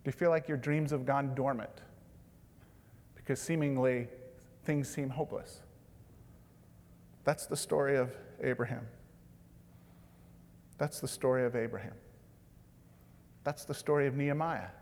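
A man delivering a sermon with a slightly high voice. He drops to a hushed tone for tender lines and rises to loud, emphatic bursts. His voice rings with a long reverb through a large hall. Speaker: pastor.

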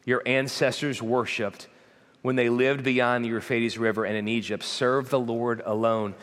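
A man's voice: mid-range voice, steady tone, measured pace, a bit bright. A man preaching a sermon as pastor, in an emphatic, repetitive preaching cadence. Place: church auditorium. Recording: long hall reverb.

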